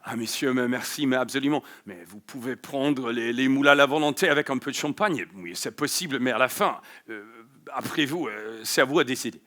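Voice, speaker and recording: A haughty gentleman, put on by a man, offers his services with lofty grace. He sounds self-assured, and his voice is bright. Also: mid-range voice, fast talker, close to an everyday voice. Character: proud, haughty adult male waiter or gentleman.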